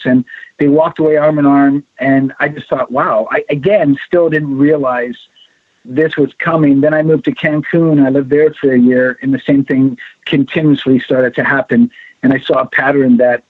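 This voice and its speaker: A middle-aged man, the guest, telling lively stories on a call-in show and acting out the people in them. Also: mid-range voice, normal speed, dry recording. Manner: animated storyteller acting out quoted voices. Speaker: guest, founder of a ring-finding directory. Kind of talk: storytelling on a call-in radio show. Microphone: phone. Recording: tinny phone line, dry.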